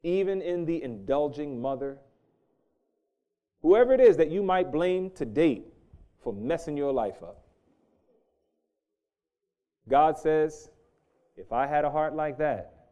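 A middle-aged man preaching a sermon, swinging from loud emphasis to hushed, intense storytelling. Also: on the high side, animated, takes it slowly, long pauses.

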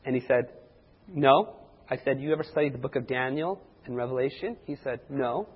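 Husky-voiced man preaching in a hall. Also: mid-range voice, brisk. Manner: animated storyteller acting out quoted voices. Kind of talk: sermon testimony storytelling. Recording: dull lo-fi recording in a reverberant hall.

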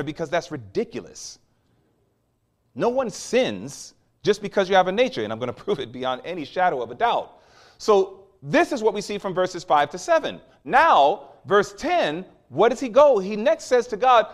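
A male preacher delivering a teaching sermon. His fairly high voice rises and falls with wide swings. He drives his points home with emphatic questions. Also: big pitch swings, moderate pace.

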